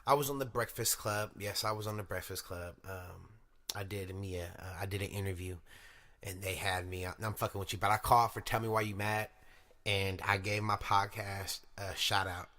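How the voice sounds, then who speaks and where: Profane, hyped young podcast host. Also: male voice, lowish voice, fairly even intonation, moderate pace, bright, forceful tone. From Sacramento, California. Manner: profane, slangy, hyped-up talk to listeners. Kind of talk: casual monologue podcast.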